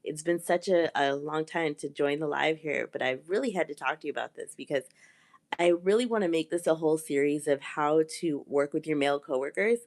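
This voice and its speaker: A woman's voice: low voice, creaky, a little mellow. A woman with a sore throat giving a live-stream coaching talk, earnest and repeating her key points. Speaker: communication coach.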